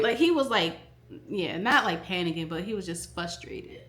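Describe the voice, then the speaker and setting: A woman's voice: mid-range voice, sing-song, normal speed, echoey room. A woman vlogging casually to camera about stock trading, emphatic and repeating her key phrases. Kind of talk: casual direct-to-camera talk.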